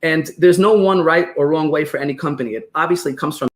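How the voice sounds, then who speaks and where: A man with a New York accent, a guest on a podcast interview, explaining business ideas through animated stories and acted-out quotes. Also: a little high, fast talker. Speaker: guest expert on business operations.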